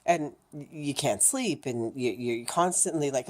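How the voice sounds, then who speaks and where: Woman, middle-aged, slightly low voice, casual vlog, animated, laughs a lot, swears casually. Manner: animated, laughing, mimics racing thoughts with fast chatter. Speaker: vlogger sharing her cancer journey. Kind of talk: casual chat to camera.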